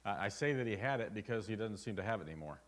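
A man's voice: fairly low pitch, expressive, very fast. A man preaching a sermon at a church service, telling a personal story in an earnest, conversational way. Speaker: pastor.

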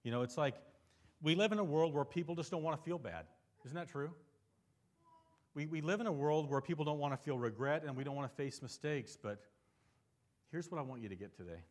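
A pastor giving a conversational sermon, asking the congregation questions and moving between lively, emphatic stretches and softer, earnest ones. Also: male voice, brisk. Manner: conversational preaching with frequent rhetorical questions; swings between animated emphasis and soft, low earnest passages.

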